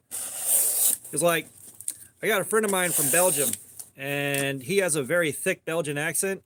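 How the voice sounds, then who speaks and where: A man's voice: on the high side, fairly bright tone, a little hiss or hum. A man in his forties from Georgia with a fairly neutral American accent, chatting casually and rambling with lots of hesitations. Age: 40s. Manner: rambling, loose, hesitant with fillers. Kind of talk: casual chat.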